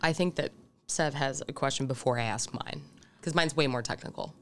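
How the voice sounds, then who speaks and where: A woman's voice: rumbling low, a little fast. A woman co-hosting a casual podcast chat, teasing and playful with her guests. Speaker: co-host.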